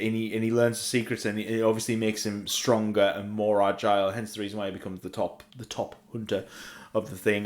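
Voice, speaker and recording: Middle aged aussie guy rambling on about comics, casual podcast chat. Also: lowish voice. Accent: Australian. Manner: rambling, eager comic-book fan. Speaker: podcast co-host.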